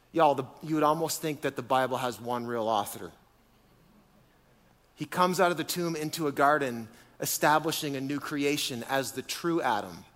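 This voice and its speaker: A man preaching a sermon to a congregation, animated and full of rhetorical questions. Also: mid-range voice. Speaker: pastor. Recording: long hall reverb.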